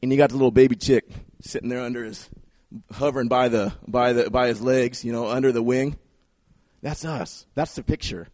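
A man preaching a sermon in an animated way, repeating phrases for emphasis and acting out the voices he quotes. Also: mid-range voice, a little fast, dry recording. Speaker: pastor.

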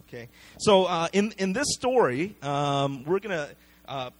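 A man preaching a casual, conversational sermon, retelling the story in everyday speech and acting out the people in it with quick asides. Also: fairly high pitch, expressive.

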